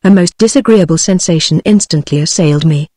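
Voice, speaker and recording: A text-to-speech woman's voice with a British English accent, reading a gothic short story aloud in an even, measured way. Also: on the low side, dry recording, studio quality. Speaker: audiobook narrator. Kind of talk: synthetic audiobook reading.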